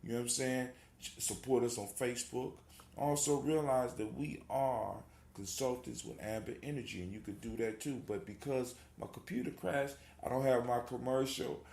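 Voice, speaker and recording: A man's voice: medium pitch, moderate pace, vocal fry, darkish tone, roomy sound. A man hosting a call-in talk show, talking in a casual, rambling and motivational way, repeating his phrases. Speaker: host.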